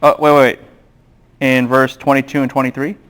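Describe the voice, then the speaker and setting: A man giving a classroom Bible lecture, animated and quizzing the students with questions. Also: medium pitch, a little fast.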